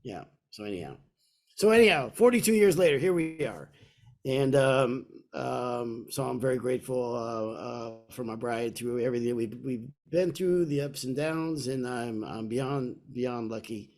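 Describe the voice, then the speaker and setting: A man in his sixties from Kentucky, co-hosting a podcast and telling a personal story in a casual, animated way. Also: medium pitch, moderate pace. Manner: animated storyteller, acts out voices in quotes. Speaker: podcast co-host.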